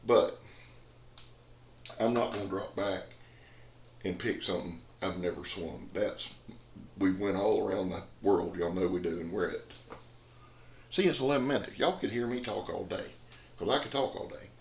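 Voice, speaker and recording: A man's voice: deep voice, moderate pace, vocal fry, long pauses, echoey room, slight background noise. A man, rambling in a folksy casual chat as a knife reviewer in a dim room. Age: 40s.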